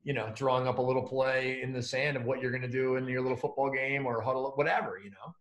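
Brief: male host, middle pitch, hesitant fillers, recorded in an echoey room. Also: steady tone, fast talker, fairly bright tone. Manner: hesitant, filler-heavy questioning. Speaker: podcast host. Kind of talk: casual podcast conversation. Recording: roomy echo.

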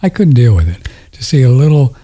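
A man's voice: medium pitch, sing-song, brisk, warm tone. A man telling a story in a casual chat on a studio mic, rambling, emotional and tender, often laughing.

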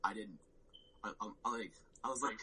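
A man's voice: lowish voice, moderate pace, bright, forceful tone, husky, rough recording. A man telling a story on a podcast, rambling with lots of "like" and swearing and acting out his own reactions. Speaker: podcast guest. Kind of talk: casual storytelling chat.

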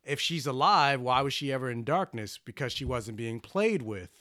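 A man's voice: mid-range voice, expressive, moderate pace, bright, forceful tone, no room sound. Dry-voiced man teasing his co-host. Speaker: podcast co-host. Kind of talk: casual podcast chat.

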